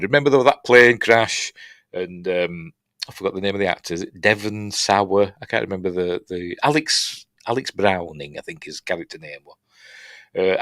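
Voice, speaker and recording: A man's voice: deep voice, a bit bright, no room sound, clean studio sound. A man with a Yorkshire accent hosting a casual, rambling film review, chatty and self-mocking with lots of fillers and restarts. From Yorkshire, England.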